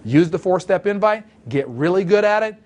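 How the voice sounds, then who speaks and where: With a high, slightly mellow voice, this man delivers instructional talk at a moderate pace, animated throughout. As a sales trainer, he coaches listeners on sales calls emphatically and role-plays sample calls.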